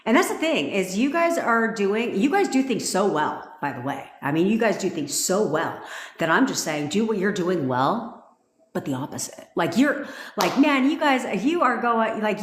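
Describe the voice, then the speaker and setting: A woman's voice: mid-range voice, sing-song, normal speed, a little hiss or hum. Blunt, profane woman coach. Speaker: manifestation coach. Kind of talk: casual live-stream talk. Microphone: phone. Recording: echoey room.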